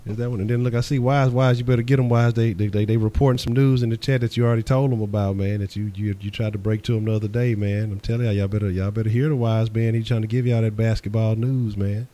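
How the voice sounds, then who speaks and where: A man's voice: on the low side, steady tone, fast, hardly any pauses, mellow. A man hosting a casual sports talk stream, hyping his co-hosts and reading questions from the chat. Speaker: show host reading the chat.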